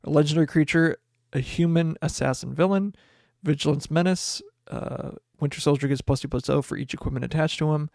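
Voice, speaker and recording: A young man hosting a podcast, chatting casually and excitedly as he opens card packs and reads the cards aloud. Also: on the high side, fairly quick, vocal fry, dry recording, clean studio sound. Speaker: podcast host. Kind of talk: casual card pack opening chat.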